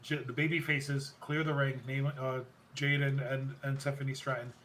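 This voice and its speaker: Talking at normal speed in a mid-range voice, a male podcast host chats loosely about wrestling, rambling, self-correcting mid-sentence and recounting things with excitement. A little hiss or hum sits under the audio.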